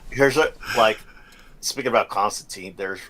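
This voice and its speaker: Low-voiced man chiming in on a podcast. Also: moderate pace, a bit bright. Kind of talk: casual chat.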